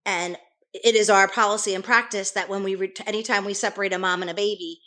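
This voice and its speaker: A middle-aged woman speaks as an interview guest, retelling events in careful, earnest detail. Her voice sits at an ordinary middle pitch, and she often stops and restarts her sentences as she works through the story. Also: steady tone, quick pace, sharp tone. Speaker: nurse guest.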